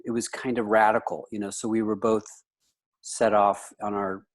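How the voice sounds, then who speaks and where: Low-voiced rambling man. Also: level tone, normal speed. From United States. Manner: rambling, with frequent "you know" fillers. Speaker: guest. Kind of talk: casual interview chat.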